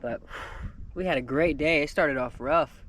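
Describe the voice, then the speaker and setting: A young man talking casually and excitedly to an action camera, outdoors on the water. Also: fairly high pitch, measured pace, a little hiss or hum. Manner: excitable, hyped, slangy. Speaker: fishing vlogger. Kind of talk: casual vlog commentary.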